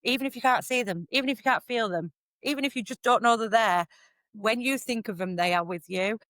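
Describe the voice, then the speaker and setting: A middle-aged woman, a psychic medium guest on a podcast who talks in a lively, chatty storytelling way. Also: on the high side, fairly quick, no room sound. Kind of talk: casual podcast conversation.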